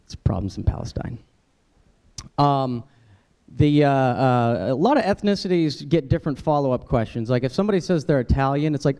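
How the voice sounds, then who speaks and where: A man's voice: expressive, normal speed, warm tone. A man doing a stand-up comedy set at a dinner event, talking in a conversational way and breaking into exaggerated voices for the people he quotes. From United States. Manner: conversational, jumps into high-pitched character voices for quoted people. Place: dinner event hall, live audience.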